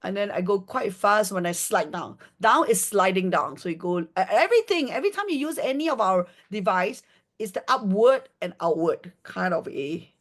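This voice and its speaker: A woman's voice: mid-range voice, animated, moderate pace. A middle-aged woman on a video call, demonstrating a skincare device step by step and checking in often with "okay?". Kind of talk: live product demonstration.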